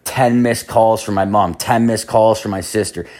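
A man's voice: fairly low pitch, fairly even intonation, normal speed, darkish tone. A young man telling a rambling, profane story in casual talk, with lots of "like". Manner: rambling, profane, heavy use of "like".

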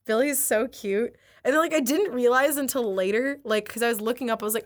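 A woman's voice: a little high, fast, hardly any pauses. Chatty young woman, filler-heavy talk. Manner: chatty, heavy use of "like", animated retellings. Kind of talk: casual chat.

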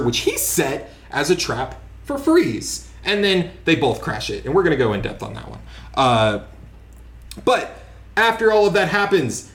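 A man co-hosting a casual movie podcast, opinionated and profane, recapping the plot quickly with mocking quotes. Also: on the high side, fairly bright tone. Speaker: podcast co-host. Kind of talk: casual movie review chat.

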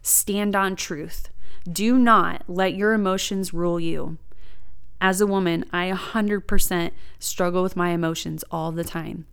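A woman's voice: lowish voice, fairly even intonation, unhurried, vocal fry, clear, resonant tone. A woman sharing a personal faith testimony and practical teaching in an earnest, emphatic way. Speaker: Christian speaker.

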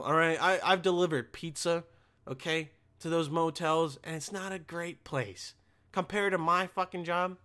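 A man's voice: a little high, bright, forceful tone. A young man who works a motel front desk, telling a rambling, sarcastic work story full of swearing. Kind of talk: casual profane storytelling rant.

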